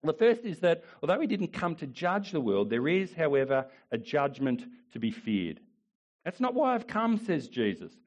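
A male pastor preaching a sermon with emphatic repetition, swinging between rising declarations and quiet asides. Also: a little high, very animated, moderate pace, few pauses. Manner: emphatic preaching, repeats phrases, rises and drops in volume.

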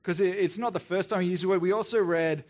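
An earnest male pastor with a fairly high voice delivers a reflective sermon. He talks in an unhurried, thoughtful way, with mocking rhetorical asides. He often repeats his words as he works through each point. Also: fairly even intonation, a little mellow. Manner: earnest, reflective, with quick sarcastic asides when voicing the people.

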